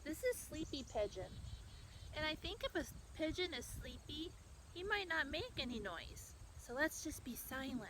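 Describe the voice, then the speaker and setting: A woman guiding a children's yoga class outdoors, speaking gently and encouragingly to kids from a distance away from the camera. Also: high voice, very animated, normal speed. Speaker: kids' yoga teacher. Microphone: camera mic from far away. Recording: distant voice with outdoor background noise.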